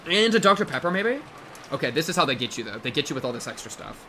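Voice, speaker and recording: An excitable young man in his twenties streams live and chats with his audience in a bright, forceful voice that leaps into sudden yelps. His tone sits a little above the usual male pitch, and a faint hiss of background noise runs under it. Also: fairly quick. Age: 20s. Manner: excitable, bursts into loud yelps and shouts; talks to his chat, jokey and animated. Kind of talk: casual live-stream chat.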